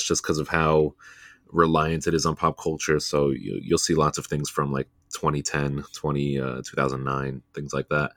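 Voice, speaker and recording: A man's voice: very deep voice, no room sound, studio quality. A man co-hosting a podcast, chatting casually and gushing about a show, with lots of fillers and restarts. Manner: rambling, gushing with many fillers. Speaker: podcast co-host. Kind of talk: casual chat.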